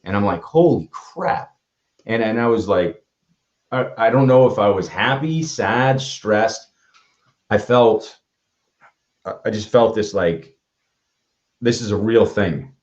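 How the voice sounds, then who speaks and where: A man's voice: fairly low pitch, unhurried, long pauses. A man who speaks at schools, telling stories in a casual conversation, earnest and often restarting his sentences as he acts out what people said. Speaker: motivational speaker. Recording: dull lo-fi sound.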